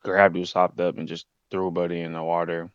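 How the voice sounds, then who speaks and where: A young man casually recapping a story in heavy slang, jumping into loud shouted impressions of the characters. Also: low voice, monotone, normal speed, clean tone, dry recording. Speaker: anime recap host. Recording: slightly muffled lo-fi recording.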